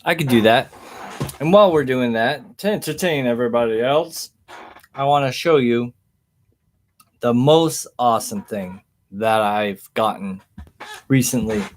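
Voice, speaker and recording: A man of ordinary pitch rambles through a casual livestream at an unhurried, slow pace. He talks easily to his chat and chuckles often. The sound is a plain webcam mic in a room at home.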